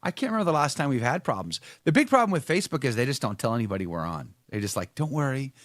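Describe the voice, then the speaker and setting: A male host chatting casually with livestream viewers, his talk wry and sarcastic. His pitch swings widely as he talks. The sound is dry and close, with no room echo. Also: sing-song, rapid-fire, a bit bright.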